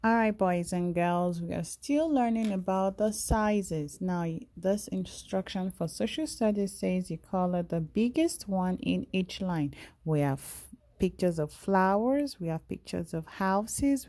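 Gravelly, mellow woman teacher. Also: medium pitch, a little slow, few pauses. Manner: points to each picture as she talks. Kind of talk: slow explanation of a worksheet for young children.

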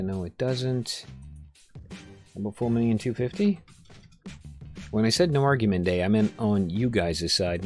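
A man's voice: on the low side, darkish tone. A man casually commenting on his own game play, joking, reading the customers' lines aloud and talking to himself. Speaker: gameplay video host. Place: home room during a rainstorm.

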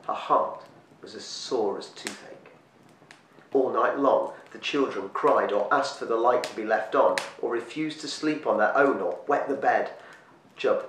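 A man reading a storybook aloud as storyteller, slowing and hushing his voice for eerie moments. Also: medium pitch. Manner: slows and hushes for eerie moments. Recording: echoey room, distant mic, faint hiss.

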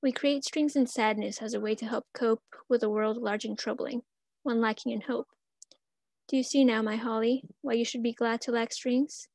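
A gentle, wise mother gives her small daughter soft rhymed counsel, voiced by a woman reading the story aloud. Her voice sits high, and the sound is close and dry. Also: fairly even intonation, normal speed, no echo. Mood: consoling. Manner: soft, consoling rhymed verse.

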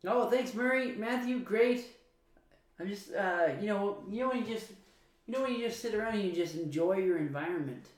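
A man's voice: sits high, normal speed. A tipsy man, co-hosting a livestream in casual banter, rambling, giggly and swearing often. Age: 30s. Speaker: co-host. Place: small apartment. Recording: roomy apartment recording with faint noise.

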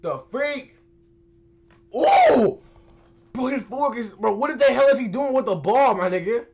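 A young man hosting a reaction video, talking in casual slang with loud, excitable outbursts and frequent swearing. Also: very high-pitched, moderate pace, vocal fry, slight background noise.

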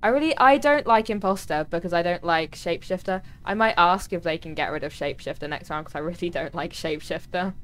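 This woman talks fairly quickly with a fairly bright tone and barely pauses. She's livestreaming a game, chatting casually with viewers and teammates, talking to chat, and her voice jumps high when she's touched.

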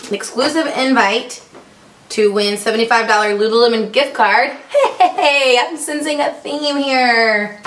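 A woman's voice: fairly high pitch, measured pace, a bit bright. Chatty young woman in an echoey room. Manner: chatty, upbeat, lots of ums. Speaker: vlogger. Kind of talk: casual unboxing vlog. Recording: echoey room, faint noise.

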